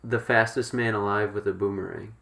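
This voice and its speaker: A man's voice: lowish voice, steady tone, fairly quick, gravelly, a bit bright. A man co-hosting a casual podcast, asking lots of curious questions. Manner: curious, asks many questions. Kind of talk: casual chat.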